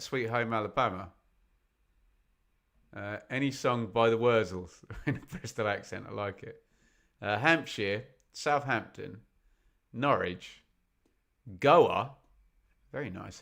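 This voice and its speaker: A man hosts a live football stream with a bright, forceful tone. He chats and jokes casually, breaking into quick bits of song while reading out messages, his voice at a medium pitch through a desk mic. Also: gravelly. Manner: chatty, jokey, bursts into snatches of song. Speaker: football watch-along host.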